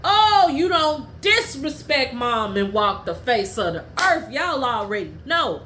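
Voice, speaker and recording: A woman hosting her own podcast, telling personal stories in a blunt, profane and heated way, at times dropping low and quiet. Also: big pitch swings, unhurried, slight background noise. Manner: drops low and quiet when telling family matters. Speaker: podcast host. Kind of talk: candid personal storytelling.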